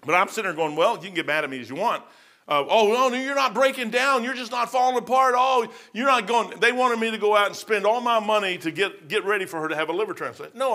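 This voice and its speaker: A man's voice: a little high, bright, forceful tone. A man preaching informally, rambling through personal stories in a folksy way, often repeating words and acting out conversations.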